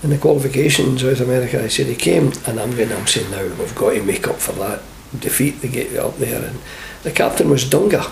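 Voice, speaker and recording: Gravelly older Scottish man telling stories. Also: mid-range voice, brisk, few pauses. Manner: animated storyteller, acts out quoted voices. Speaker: interview guest, former football manager. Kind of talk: anecdotal interview chat. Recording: echoey room with faint hiss.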